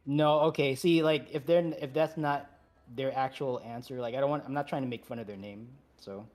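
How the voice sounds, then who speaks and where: A man talks a group through a game raid over a voice chat mic. He sounds easygoing and chatty, with apologetic asides. His voice sits at an ordinary middle pitch. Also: fairly even intonation, fairly quick, a little mellow. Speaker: raid leader. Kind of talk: giving instructions over voice chat.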